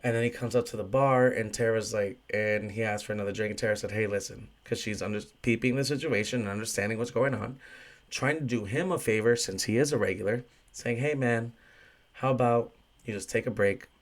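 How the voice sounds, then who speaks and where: A man's voice: on the low side, fairly quick. A young man, a bartender hosting his own podcast, telling a story in a casual, ranting way, swearing often and filling in with "like" and "you know". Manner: profane, ranting, frequent fillers.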